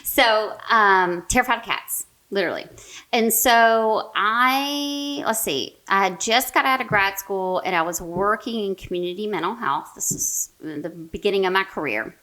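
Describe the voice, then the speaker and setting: A woman in her forties, a therapist and podcast guest, telling a story in a lively, animated way, full of "like" and "right?". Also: mid-range voice, a little slow. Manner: animated, many fillers like "right?" and "like". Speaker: mental health therapist, guest. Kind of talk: casual storytelling in a podcast interview.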